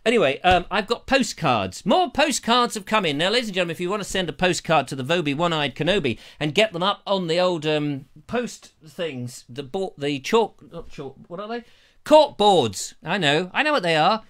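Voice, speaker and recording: A man's voice: fairly high pitch, lively intonation, moderate pace, a bit bright. A man hosting a rambling live show, playful and jokey, chatting to viewers. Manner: playful, jokey, puts on silly voices. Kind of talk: rambling live-stream chat. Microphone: lavalier.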